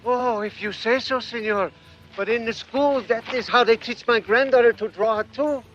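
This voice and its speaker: A man's voice: very high-pitched, normal speed, highs cut off, faint music behind. An actor playing a humble, eager-to-please old man in an old film clip. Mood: deferential. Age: older. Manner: deferential, then wildly excited.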